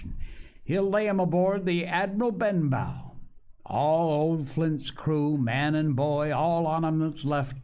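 A sick, rum-hungry old sea dog, as a man puts him on for a storybook reading. The voice sits higher than the reader's own and grinds out rough sailor's slang. He begs and curses in the same breath. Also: darkish tone. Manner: coarse sailor's dialect, pleading and cursing. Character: ailing old male sea captain, rum-craving, blustering.

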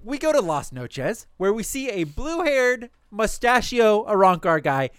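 A young man in casual chat, recapping anime episodes for a podcast with animated, quick storytelling and swearing. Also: sits high, clean tone, dry recording, clean studio sound.

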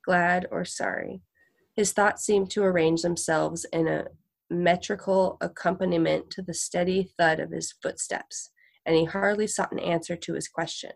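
Gravelly low-voiced woman storyteller. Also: steady tone, normal speed. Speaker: narrator. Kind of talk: audiobook reading of a short story.

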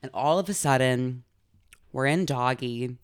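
A young woman co-hosting a podcast, telling a story in a casual, animated and dramatic way. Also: rumbling low, a little slow, clear, resonant tone. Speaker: podcast co-host. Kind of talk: casual chat.

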